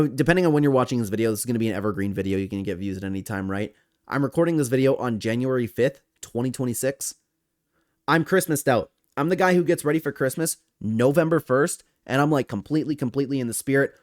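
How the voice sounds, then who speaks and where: A man's voice: mid-range voice, a little mellow, no echo, studio quality. A young man giving casual, enthusiastic commentary as he ranks video game screens and talks straight to his viewers. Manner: enthusiastic, chatty, addresses viewers as guys. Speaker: gaming commentator. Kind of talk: casual tier-list commentary.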